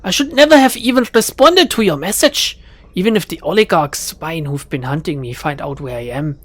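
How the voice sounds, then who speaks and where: A streamer voicing a weary, bitter female hacker in her twenties, using a shaky put-on German accent and a curt, sharp delivery. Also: medium pitch, sing-song, moderate pace, slightly rough. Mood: resentful. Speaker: game character read aloud. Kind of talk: reading game dialogue aloud.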